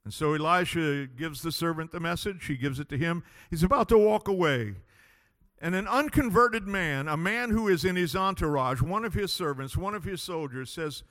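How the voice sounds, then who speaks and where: A man preaching a sermon as pastor, impassioned, swinging between loud declarations and hushed pleading. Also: fairly high pitch, normal speed, big-room sound.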